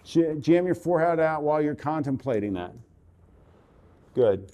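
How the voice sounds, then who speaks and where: A man coaching a portrait subject through a photo shoot, giving brisk, repetitive commands over a live video call. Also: fairly high pitch, lively intonation, dark tone.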